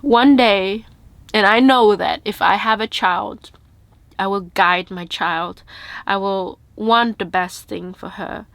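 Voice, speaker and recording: A woman's voice: mid-range voice, slow, creaky, a bit bright, no echo. A woman vlogger speaking earnestly and from the heart in a personal storytime video, tearful and crying as she talks.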